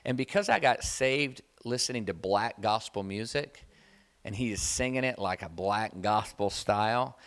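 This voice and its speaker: A man preaching a sermon, telling a personal testimony in a conversational, animated way that builds to loud, emphatic preaching. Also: fairly low pitch, moderate pace.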